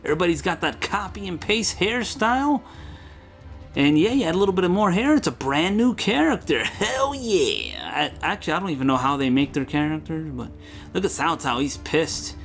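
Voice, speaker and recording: A young man rambles through a game playthrough with crude jokes and a lively, animated voice. His pitch sits a bit high. Quiet game music plays behind him. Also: normal speed, vocal fry. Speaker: let's play host. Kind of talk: comedic game commentary.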